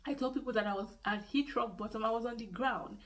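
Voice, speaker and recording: A woman with a Nigerian accent tells her own story to the camera in earnest. She repeats key phrases to stress them. Her voice sits somewhat high, and she is a little way back from the microphone. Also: fast talker, a bit bright, recorded from a distance, low-quality recording. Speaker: vlogger. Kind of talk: personal storytelling vlog.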